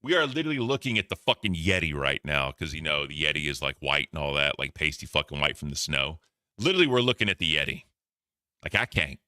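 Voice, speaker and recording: A man's voice: a bass voice, big pitch swings, quick pace, pushed and bright, no room sound, clean studio sound. A man reacting to clips for his stream chat in casual, profane commentary. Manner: profane, laughing, talks to chat.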